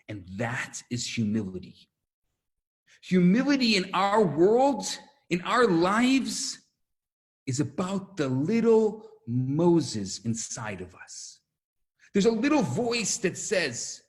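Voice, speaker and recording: A man, a rabbi, giving an animated storytelling lecture to students over a video call and acting out the stories. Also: high-pitched, slow pace. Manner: animated, acts out quotes, repeats for emphasis.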